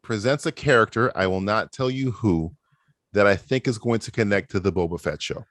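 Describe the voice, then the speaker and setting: Homem de voz grave, papo descontraído. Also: male voice, on the low side, fairly quick. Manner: rambling, animated, swears a lot. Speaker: podcast co-host. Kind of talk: casual chat.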